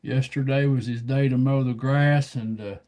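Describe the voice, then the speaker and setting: A man's voice: medium pitch, fairly even intonation, moderate pace, mellow. A man from Kentucky hosting a casual livestream, introducing guests one by one with folksy jokes. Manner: folksy, joking. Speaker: livestream host.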